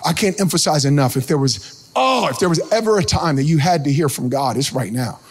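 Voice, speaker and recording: A man preaching a sermon as pastor, animated, breaking into sing-song shouts and calling out to the congregation. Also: a little high, a little fast, breathy edge. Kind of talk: energetic sermon.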